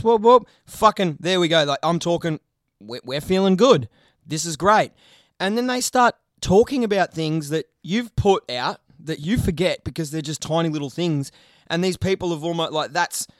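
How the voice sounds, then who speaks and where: High-voiced sweary young guy. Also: no room sound, clean studio sound. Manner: sweary, rambling, animated. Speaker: podcast co-host, video creator. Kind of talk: casual chat.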